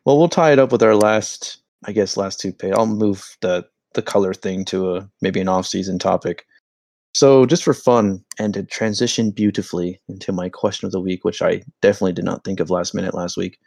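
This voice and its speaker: A young man with a low, gravelly voice hosts a casual podcast, recorded close and dry. He talks in an animated, joking way and drifts into rambling stories. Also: a little fast, no room sound. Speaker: podcast host. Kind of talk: casual hockey podcast banter.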